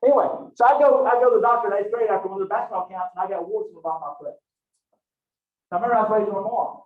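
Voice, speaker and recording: A man's voice: high voice, fairly even intonation, rapid-fire. A middle-aged man teaching an anatomy class, joking and telling folksy stories. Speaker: anatomy instructor. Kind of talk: classroom lecture. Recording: far-off, echoey, phone-like lecture recording.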